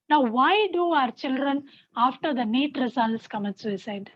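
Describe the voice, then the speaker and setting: Woman, earnest parenting teacher; high voice, dry muffled sound. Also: expressive, normal speed, no room sound. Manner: earnest, repetitive, gently instructive. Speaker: speaker at a mothers' fellowship. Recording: dry, slightly muffled recording.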